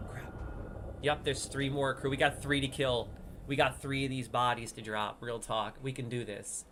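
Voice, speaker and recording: A man giving casual gameplay commentary as a streamer, excitable, swinging from hushed sneaking talk to loud outbursts. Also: mid-range voice, normal speed, a little hiss or hum. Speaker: gaming streamer.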